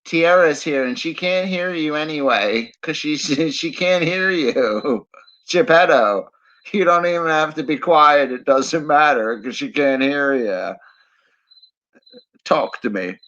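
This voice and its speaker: A man's voice: a little high, a little slow, fairly bright tone. A man chatting casually on a late-night livestream, rambling and teasing his viewers with frequent chuckles. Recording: slightly dull lo-fi stream audio. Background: crickets chirping.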